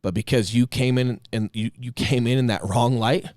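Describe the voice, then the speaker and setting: A man co-hosting a casual podcast chat, talking with emphatic passion and swinging between loud bursts and quiet asides. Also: medium pitch, fairly even intonation, moderate pace, dry recording, clean studio sound. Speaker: podcast co-host.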